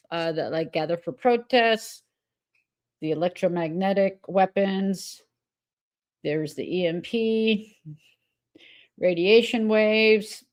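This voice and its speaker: A woman's voice: medium pitch, a little mellow. A woman livestreaming in a rambling, irritated way, swearing often. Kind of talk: casual livestream chat.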